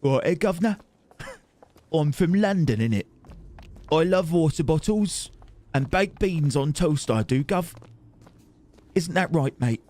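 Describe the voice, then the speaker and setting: Hammy mock Cockney bloke, put on by a man, high and bouncy, slang-heavy. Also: expressive, a little slow, long pauses, a little mellow. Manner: exaggerated stock British slang. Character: mock Cockney Londoner, hammy and cheerful, male.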